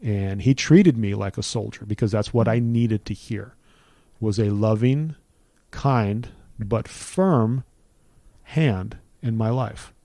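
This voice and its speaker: A man's voice: fairly low pitch, slow pace, warm tone, no echo. A middle-aged man giving an earnest personal testimony in conversation, building his points with repeated phrases like a preacher.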